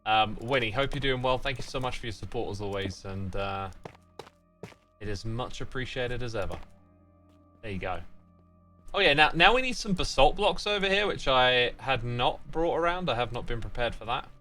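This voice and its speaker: A man's voice: medium pitch, expressive, normal speed, pushed and bright, faint music behind. A man hosting a casual gaming livestream, reading chat messages aloud and answering them in a playful, teasing way. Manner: playful, teasing fake sign-offs. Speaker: livestream host.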